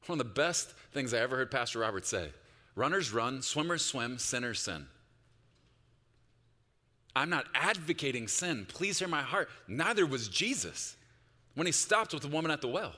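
A pastor delivering a sermon, moving between quiet reflective passages and loud, urgent appeals. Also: male voice, medium pitch, sing-song, normal speed, big-room sound. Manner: swings from hushed reflection to loud, rising exhortation.

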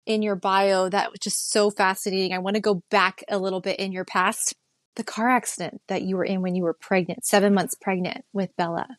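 A woman's voice: mid-range voice, flat delivery, a little fast, dry recording. A woman hosting an interview, asking short, curious follow-up questions. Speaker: interview host. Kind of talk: conversational interview.

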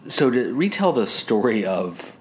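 A man's voice: mid-range voice, sing-song, measured pace, a little hiss or hum. A man co-hosting a podcast, chatting casually as he recaps a TV episode, laughing and acting out quotes in funny voices. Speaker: podcast co-host.

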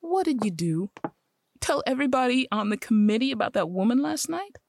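An actress playing a teasing, dismissive wife in an old-time radio drama. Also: female voice, on the high side, sing-song, fairly quick, darkish tone, a little hiss or hum. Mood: chiding. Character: chiding wife, teasing and brisk.

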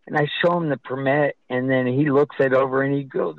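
A man being interviewed on the radio, telling stories in a halting, rambling way with many restarts. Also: medium pitch, steady tone, creaky, dry recording, narrow, tinny audio. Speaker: guest, festival organizer.

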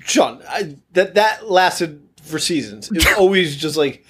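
A man's voice: on the high side, lively intonation, unhurried, a bit bright, slightly rough. A man in his thirties co-hosting a podcast, joking around with profanity. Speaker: podcast co-host. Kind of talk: casual chat.

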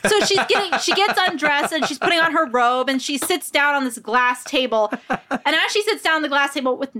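Woman, casual podcast chat, high-pitched, bright tone, "like" fillers. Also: lively intonation, fairly quick. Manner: chatty, frequent "like" fillers. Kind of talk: casual film discussion.

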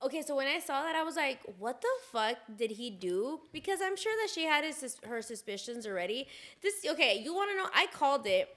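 A woman co-hosting a podcast in casual chat, telling gossip in an animated way, full of "like" fillers. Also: high voice, fast talker. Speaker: podcast co-host.

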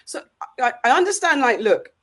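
High-voiced British man ranting. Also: very animated, moderate pace, fairly bright tone. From Britain. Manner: passionate, rambling with restarts and rhetorical questions. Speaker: co-host. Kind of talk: casual opinion chat.

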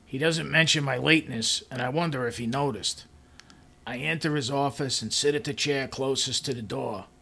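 A man's voice: mid-range voice, normal speed, creaky, sharp tone, breathy edge. A man reading a first-person story in a dry, matter-of-fact way.

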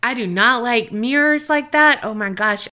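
A woman co-hosting a podcast, chatting casually and reading listener mail, animated and quick to laugh. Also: on the high side. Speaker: podcast co-host.

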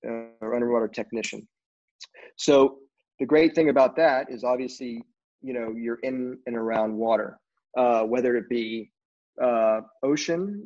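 A man in casual conversation, telling rambling, animated stories about his career in film, with lots of fillers and restarts. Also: mid-range voice. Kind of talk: casual storytelling interview. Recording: dull lo-fi audio.

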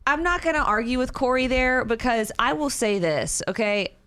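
A woman from Texas co-hosting a morning radio show, gushing and expressive. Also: a little high, normal speed, smooth. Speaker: radio co-host.

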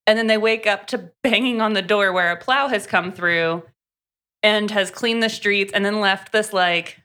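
A young woman with a bright, forceful voice co-hosts a casual book-review podcast. She retells scenes with animated energy, slipping into quick impressions of the characters. Her pitch sits in a middle range. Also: smooth. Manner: animated, acts out lines from stories. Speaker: podcast co-host.

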